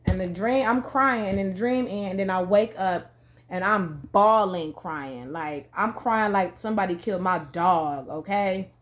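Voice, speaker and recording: A woman casually telling a story to her viewers, full of "like" and slang, acting out the quoted lines in a jumpy, lively way. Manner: animated, acts out quoted dialogue with big pitch jumps; heavy filler "like", loose slangy phrasing. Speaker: vlogger.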